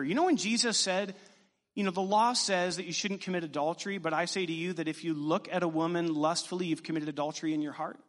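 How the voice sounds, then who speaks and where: A male pastor with a high voice delivers a sermon, trading joking asides with his congregation. His words ring out with a long reverb through the church hall. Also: fairly bright tone. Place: church sanctuary.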